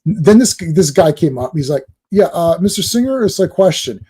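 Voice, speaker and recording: Ranting man host, fairly high voice. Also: big pitch swings, dark tone, husky. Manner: ranting, profane, quick impressions of others. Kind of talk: live-stream chat.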